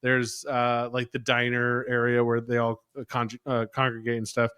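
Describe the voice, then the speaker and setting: A man's voice: mid-range voice, monotone, moderate pace, pushed and bright, smooth, dry recording, studio quality. A man co-hosting a podcast, chatting casually about a film, rambling and eagerly agreeing. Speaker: podcast co-host. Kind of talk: casual movie chat.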